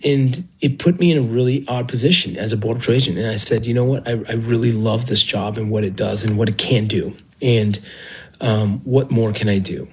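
A man's voice: fairly low pitch, a little fast, slightly rough, rough recording. A man, a former Border Patrol agent and medic, earnestly telling his own story with feeling. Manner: earnest, emotional, with restarts. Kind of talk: personal storytelling.

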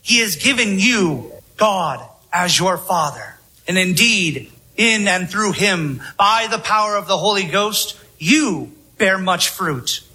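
A male preacher delivering a solemn sermon, his voice high and bright with a slightly husky edge. He speaks slowly and with emphasis, letting long pauses hang between phrases. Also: lively intonation, low-quality recording.

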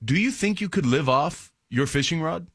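A man's voice: on the high side, expressive, normal speed, breathy edge, dry recording, clean studio sound. A male radio co-host in casual banter, teasing and spinning out hypotheticals. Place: radio studio.

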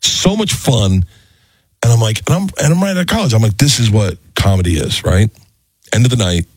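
A comedian in his thirties telling a rambling, animated, self-mocking story in casual chat. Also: medium pitch, a little fast, husky, no echo.

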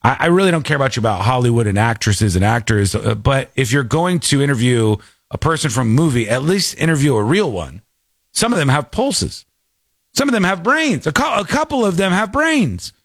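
A man's voice: mid-range voice, very animated, brisk, no room sound, studio quality. A man hosting a commentary show, reacting sarcastically and mockingly to a news clip. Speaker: host.

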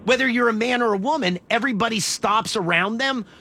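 A man's voice: extremely high pitch, sharp tone. A man hosting a morning radio show, joking and quizzing a caller in casual banter. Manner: playful, joking, quick questions. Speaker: radio host.

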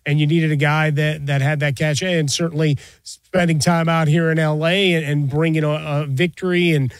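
Male host, fairly high voice, dry studio sound, casual sports chat. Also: little pitch movement, normal speed, dry recording. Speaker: sports talk show host.

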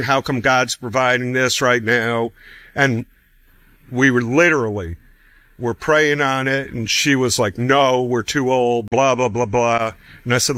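A man's voice: medium pitch, no echo. A middle-aged man telling a personal story in a casual way, acting out the voices of others and chuckling often. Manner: animated, acts out quoted voices, chuckles often. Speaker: guest telling his story.

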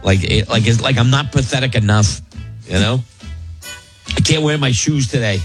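A man's voice: medium pitch, moderate pace, soft background music. A middle-aged man hosting a radio show, telling rambling, self-mocking stories full of restarts and oaths. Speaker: radio host. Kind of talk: casual radio banter.

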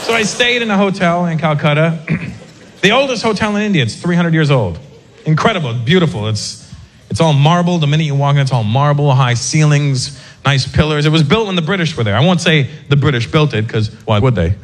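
Man, stand-up comic, self-mocking, animated, slightly high voice. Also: a little fast. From North America. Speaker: stand-up comedian. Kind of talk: stand-up storytelling.

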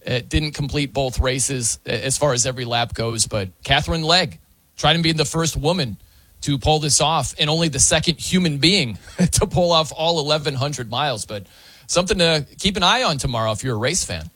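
A man hosting casual sports talk, animated and chatty, sometimes mimicking wrestling announcers. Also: a little high, normal speed, no room sound.

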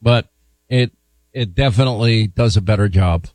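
A man hosting a radio talk show, chatting casually in a rambling way and firing off quick follow-up questions into a studio microphone. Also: on the low side, a little mellow, no echo.

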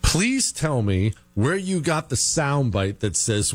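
Lively male talk radio host. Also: slow, no room sound. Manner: animated, mocking high voice when quoting listeners. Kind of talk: talk radio with live ad read.

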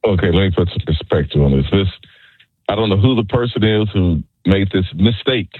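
A man's voice: deep voice, a little fast, slightly rough, no echo. A man calling into a radio show over the phone, argumentative and insistent. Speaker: radio caller. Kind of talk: call-in radio talk. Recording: tinny phone line.

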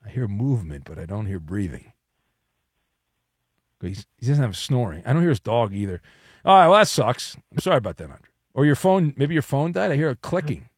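A man's voice: mid-range voice, sing-song, brisk, husky, no room sound, studio quality. Joking man hosting a sports call-in show. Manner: joking, teasing callers. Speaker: sports radio host.

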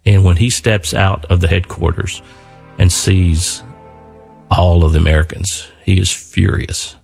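An older man earnestly telling his father's war story, reflective and pausing often. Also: low voice, steady tone, vocal fry, a little mellow, soft background music. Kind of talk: spoken storytelling.

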